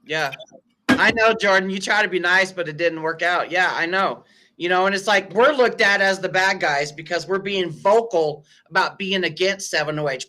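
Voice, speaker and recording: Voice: medium pitch, moderate pace, pushed and bright. A co-host speaking bluntly and defiantly in casual chat, with some profanity. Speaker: co-host on a livestream.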